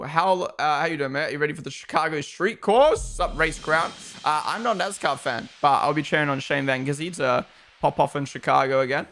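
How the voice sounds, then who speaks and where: Slightly high-voiced young male streamer. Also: a little fast. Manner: blunt and animated, swears freely. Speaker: streamer hosting a race watchalong. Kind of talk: casual live-stream chat, reading chat aloud.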